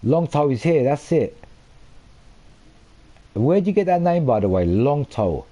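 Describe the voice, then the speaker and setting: A young man livestreaming his gaming speaks slightly slowly in a fairly high, mellow voice with big pitch swings. He chats with viewers, swears often, and loses his temper in frustration.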